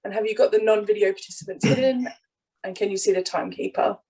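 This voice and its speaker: A woman chairing a speech contest over a video call, brisk and formal. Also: medium pitch, gravelly, mellow, slightly rough, rough recording. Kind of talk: formal event hosting.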